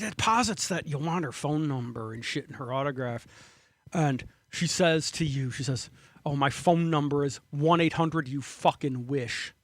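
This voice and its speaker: Brief: male solo podcast host, high voice, dry close sound, profane and digressive. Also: a bit bright, no echo. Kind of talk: rambling solo commentary.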